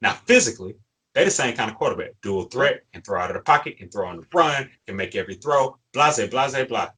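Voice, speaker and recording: Worked-up man, emphatic fan rant, bright sharp tone, husky edge. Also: mid-range voice, expressive, fast talker, poor audio. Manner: emphatic, ranting, repeats phrases. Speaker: sports podcast co-host. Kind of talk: fired-up fan commentary.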